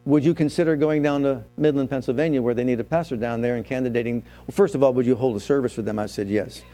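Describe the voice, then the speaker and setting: Man, pastor, sermon, storytelling, questions to congregation, mellow tone, faint music behind. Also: mid-range voice, steady tone, fast.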